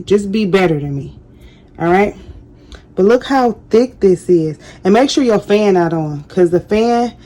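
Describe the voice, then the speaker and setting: A woman hosts a casual craft how-to, chatty and self-deprecating, apologizing often. Her voice is medium-pitched with a dark tone.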